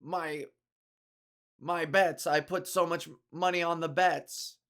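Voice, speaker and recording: A woman voicing a pompous rich male VIP gambler in a deliberately stiff, wooden delivery with forced laughs. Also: fairly low pitch, steady tone. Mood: dismayed.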